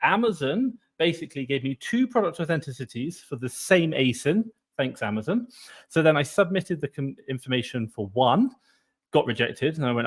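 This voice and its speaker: A man co-hosting a casual live stream over a video call, chatty and upbeat with quick asides. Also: fairly high pitch, animated, fairly bright tone, husky.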